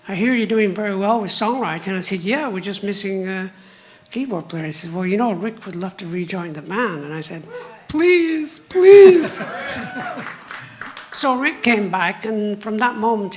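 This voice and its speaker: An older man with a high voice, telling stories as a musician guest on a live stage, humming and singing song parts as he goes. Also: a bit bright. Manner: hums and sings song parts while telling stories, chuckling. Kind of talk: live on-stage interview storytelling.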